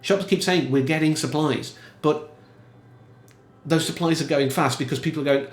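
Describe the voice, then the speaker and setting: A man giving casual, emphatic film commentary in a chatty, animated way. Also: fairly high pitch, moderate pace, roomy sound. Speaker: film reviewer.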